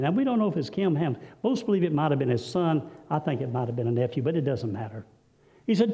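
A male preacher delivering a sermon, telling a story with dramatic swings between loud, high passages and hushed, low ones. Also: animated, fast. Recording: dull, lo-fi recording with long hall reverb.

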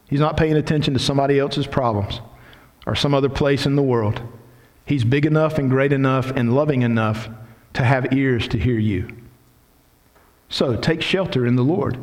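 A man's voice: mid-range voice, moderate pace, long pauses, darkish tone. A middle-aged man pastor giving a sermon, acting out quoted prayers with dramatic emphasis. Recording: long hall reverb.

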